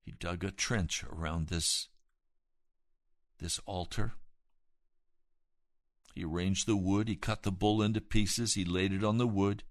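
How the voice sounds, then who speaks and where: Male preacher, lower register, emphatic sermon delivery that builds to loud climaxes. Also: fairly even intonation, unhurried, long pauses, dry recording, clean studio sound. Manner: retells scripture with dramatic emphasis.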